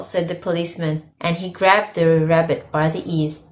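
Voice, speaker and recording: A woman reading a children's story aloud with expressive storytelling. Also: fairly low pitch, moderate pace. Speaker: storytime reader.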